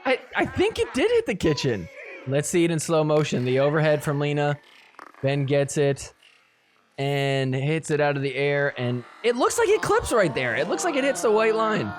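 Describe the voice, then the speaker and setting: A man's voice: fairly high pitch, slight background noise. A man hosting a podcast, giving casual commentary over match clips, laughing often and mock-quoting the players.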